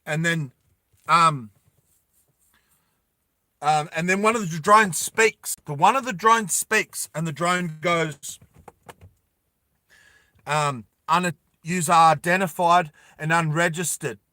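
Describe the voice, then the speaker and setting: A man's voice: fairly high pitch, sharp tone, no room sound. A man telling a story casually to his viewers, with many fillers. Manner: slow, with fillers, addresses viewers.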